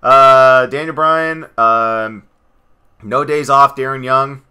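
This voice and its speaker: A man co-hosting a casual chat, rambling from one aside to the next. His voice is very bright and forceful at a middling pitch, and he gets excitable as he goes. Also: takes it slowly, clean tone. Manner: rambling, excitable, slips into goofy impressions. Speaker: podcast co-host.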